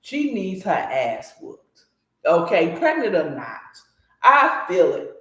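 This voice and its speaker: The recording has a roomy echo as a woman with a lowish voice recaps a story at a slow pace. As a book recap host she stays animated, blunt and opinionated, speaking straight to her listeners.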